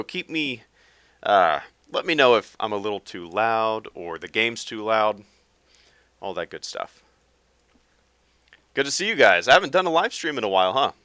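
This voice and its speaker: A man's voice: medium pitch, sharp tone, dry recording. A man chatting casually with viewers on a live stream while he plays a game, rambling with lots of fillers and restarts. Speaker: YouTube streamer.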